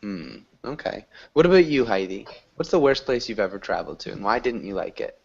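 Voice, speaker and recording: A man leads an English lesson over a video call, his voice rising and falling in a very lively way. He keeps praising and encouraging his students. The audio is dull and lo-fi. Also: fairly low pitch, brisk, vocal fry, breathy edge. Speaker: English teacher. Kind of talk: online language class.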